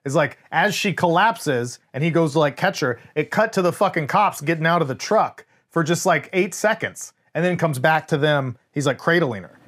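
A man's voice: fairly high pitch, moderate pace, few pauses. Emphatic swearing podcast man. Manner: emphatic, swears freely, animated storytelling. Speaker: podcast co-host. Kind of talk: casual film review chat.

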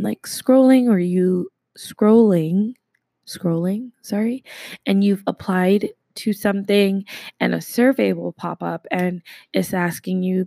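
A woman hosting a casual solo podcast, speaking with a slight lisp in an enthusiastic, rambling way with many fillers and shout-outs. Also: lowish voice, gravelly, no room sound. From Canada. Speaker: podcast host.

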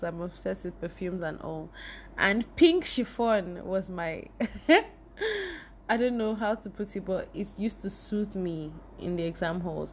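A woman's voice: fairly low pitch, a little hiss or hum. Young woman telling an emotional personal story. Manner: emotional, animated, addresses viewers directly. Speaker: vlogger.

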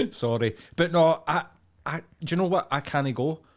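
A man's voice: fairly high pitch, big pitch swings, moderate pace. A Scottish man in blunt, sweary casual chat, ranting as a podcast co-host.

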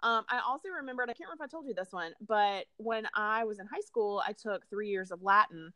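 A woman's voice: mid-range voice, fast, sharp tone, no echo. A woman co-hosting a casual chat, a teacher who talks in a chatty way and laughs often. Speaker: podcast co-host.

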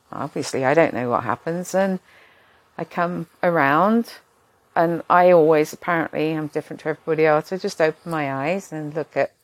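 Older woman, low gravelly voice, chatty and rambling, dry close sound. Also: no room sound. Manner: chatty, rambling, self-deprecating. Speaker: vlogger. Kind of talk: casual storytelling.

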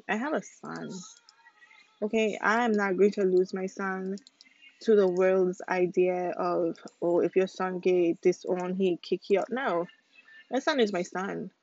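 A woman's voice: mid-range voice, vocal fry, no room sound. A young woman talking straight to her listeners on a casual home podcast, emphatic and ranting. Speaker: podcast host. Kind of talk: casual opinion podcast monologue. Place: home, with family nearby. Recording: slightly dull lo-fi sound.

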